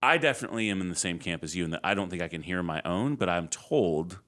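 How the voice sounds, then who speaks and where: A man co-hosting a podcast in casual chat, animated and laughing often. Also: deep voice, fast talker. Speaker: podcast co-host.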